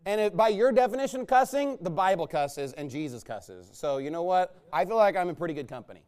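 A man preaching a combative, mocking sermon, swinging between low muttering asides and loud outbursts. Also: lively intonation, a little fast. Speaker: pastor. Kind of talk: fiery sermon rant.

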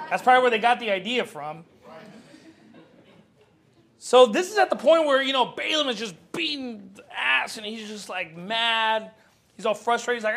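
A male pastor with a very high voice preaches with animated, joking energy. He acts out Bible scenes as he goes. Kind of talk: sermon.

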